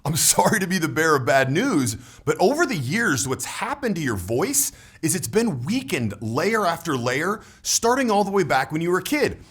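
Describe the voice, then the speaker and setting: Animated man giving a punchy pitch. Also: normal speed, hardly any pauses, husky. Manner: emphatic, salesy, shifts between loud punches and low drops. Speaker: voice coach. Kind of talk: persuasive direct-to-camera pitch.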